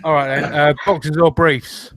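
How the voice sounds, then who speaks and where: A man's voice: fairly high pitch, flat delivery, moderate pace, fairly bright tone, dry recording. A man co-hosting a podcast, thinking aloud with stammers and hedges. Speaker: podcast co-host. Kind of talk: casual podcast chat.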